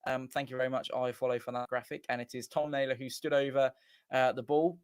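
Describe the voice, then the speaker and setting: A man's voice: medium pitch, little pitch movement, quick pace, clean tone, no room sound. A man hosting a fan watchalong, giving casual live match commentary in a chatty, rambling way and often correcting himself. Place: small home studio.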